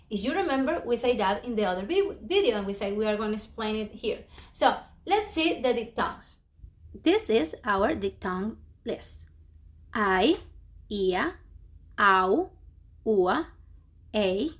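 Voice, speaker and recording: Woman, native Spanish speaker, language teacher, slow and careful, lively pitch, fairly high voice, roomy echo. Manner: slow, drawn-out modeling of words, non-native English grammar. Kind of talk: language lesson. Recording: echoey room.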